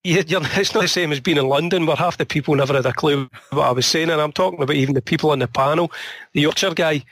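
A man with a Scottish Glasgow accent, an author in an interview, chats casually and rambles through stories while his voice grows tired and slightly strained. His voice is a little high and fairly bright, he talks fast, and the recording is dry.

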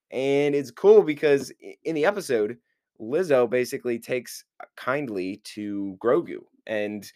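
A low-voiced man hosts a podcast and recaps an episode in a loose, rambling way. He leans on filler words as he talks. The sound is dry and close to the mic. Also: normal speed, darkish tone, no echo. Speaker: podcast host.

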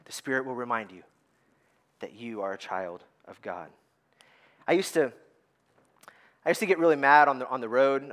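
A middle-aged pastor preaches a sermon in a mid-range, fairly bright voice. He tells stories energetically and often repeats words as he starts his sentences.

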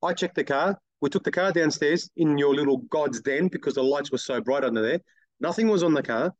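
A middle-aged man, a guest telling blunt, lively stories in an interview and acting out other people's lines. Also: a little high, brisk, no room sound, dull audio. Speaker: guest, car detailing business owner. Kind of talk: casual interview storytelling.

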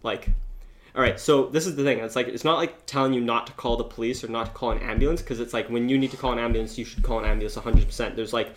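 A man's voice: mid-range voice, fairly even intonation, quick pace, fairly bright tone, slight background noise. A man telling a long story in casual chat, rambling with constant filler words and restarts.

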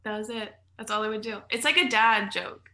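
A woman's voice: mid-range voice, brisk, sharp tone. A woman guest on a podcast, telling stories in casual chat, full of "like" fillers and laughing as she goes. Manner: chatty, filler-heavy storytelling with frequent laughs.

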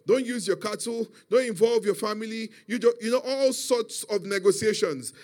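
A man's voice: high-pitched, moderate pace, darkish tone. A man preaching a sermon, emphatic and calling out for responses from his listeners.

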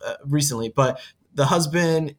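A man's voice: fairly high pitch, normal speed. A man co-hosting a podcast, chatting casually about movies in a rambling way, with many restarts and acted-out quotes. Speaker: podcast co-host. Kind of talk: casual chat.

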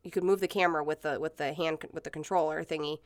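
A woman's voice: low-pitched, fairly even intonation, fast, no room sound, clean studio sound. A woman in her thirties telling stories in casual chat, rambling with many fillers and swearing freely. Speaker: podcast co-host.

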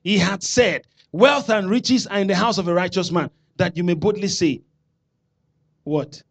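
A man with a Nigerian accent preaching a sermon, calling out to the congregation and building to shouted declarations. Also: high-pitched, unhurried, gravelly. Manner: preaching with call-and-response, rising to shouts. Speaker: pastor.

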